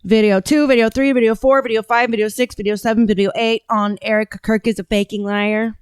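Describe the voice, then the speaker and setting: A woman's voice: a little high, fairly even intonation, brisk, smooth, no echo. Blunt, rambling woman on a dry mic. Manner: blunt, rambling, with many restarts and fillers. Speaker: podcast host and political candidate. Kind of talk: casual political commentary.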